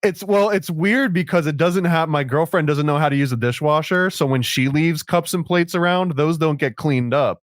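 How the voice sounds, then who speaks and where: A man's voice: on the high side, normal speed, hardly any pauses, no room sound. A man hosting a podcast, chatting casually and tossing in dry joking asides. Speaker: podcast host.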